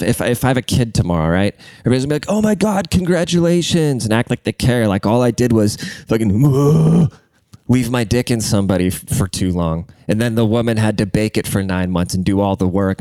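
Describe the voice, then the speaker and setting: A man's voice: fairly low pitch, quick pace, few pauses, a little mellow, clear, resonant tone, dry recording. A man hosting a show, ranting casually with constant swearing and a congested voice. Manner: crude, rambling, swears constantly. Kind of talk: casual profane rant.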